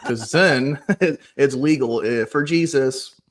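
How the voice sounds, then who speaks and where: Podcast guest guy, middle pitch, deadpan jokey rambling. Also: takes it slowly. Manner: deadpan joking, rambling asides. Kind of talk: casual podcast banter.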